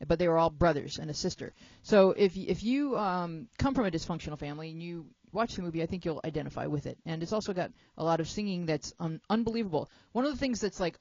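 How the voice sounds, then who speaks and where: A woman's voice: fairly low pitch, a little mellow, no room sound, dull audio. Playful, jokey woman hosting a talk show. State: jet lagged. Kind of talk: casual chat.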